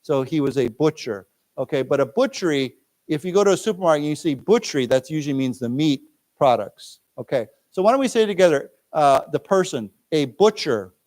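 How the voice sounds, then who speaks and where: An American man teaches an English class in a library lecture room. His voice sits a bit high for a man. He reads news phrases slowly and deliberately for students to echo, then explains vocabulary patiently. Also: expressive, darkish tone.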